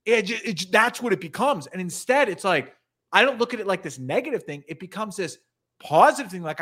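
A man in casual conversation, talking enthusiastically in rapid, tumbling phrases. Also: high voice, expressive, bright, forceful tone.

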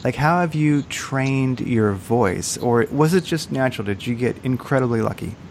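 A man's voice: medium pitch, expressive, moderate pace, darkish tone, a little hiss or hum. Man asking hesitant interview questions. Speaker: podcast interviewer host. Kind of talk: casual interview.

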